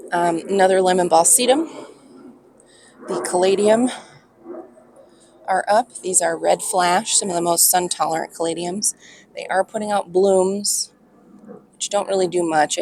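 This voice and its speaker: A woman's voice: lowish voice, steady tone, normal speed, creaky, a little mellow, slight background noise. A woman with an Upper Midwest American accent gives a casual walking tour of her outdoor patio garden, filming on a handheld phone and muttering asides under her breath. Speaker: garden vlogger.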